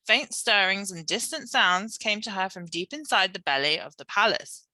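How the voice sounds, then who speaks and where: Young British woman, reading teacher, bright and lively, dry close mic, explains as she reads. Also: medium pitch, normal speed, dry recording. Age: young adult. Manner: explains words, tag questions like yeah. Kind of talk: reading a children's novel aloud with explanations.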